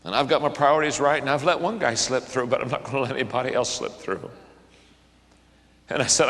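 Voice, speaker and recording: An older man preaching to a conference, moving between hushed storytelling and fervent, raised passages. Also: medium pitch, brisk. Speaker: pastor. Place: conference hall. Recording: large hall with long reverb.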